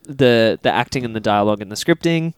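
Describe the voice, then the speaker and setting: Male podcast co-host, clear smooth tone, excitable and sweary, dry close mic. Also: medium pitch, brisk, dry recording. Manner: animated, swears often, jumps in with reactions. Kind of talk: casual film discussion.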